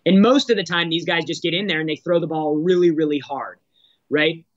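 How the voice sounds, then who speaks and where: A man's voice: a little high, brisk, dry recording, dull audio. A man answering as a sales executive guest on a podcast, talking in a direct coaching tone with frequent restarts.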